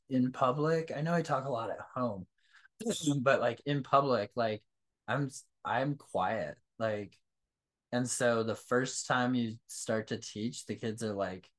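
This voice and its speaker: A man from New Mexico, a teacher, hosting a casual podcast conversation and telling stories in an animated way. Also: medium pitch.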